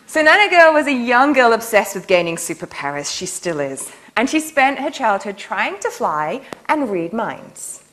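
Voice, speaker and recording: A woman's voice: fairly high pitch, sing-song, moderate pace, few pauses, fairly bright tone. A woman nanotechnologist giving a public lecture in a university hall, telling stories in a playful, enthusiastic way. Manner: playful, enthusiastic storytelling with laughs.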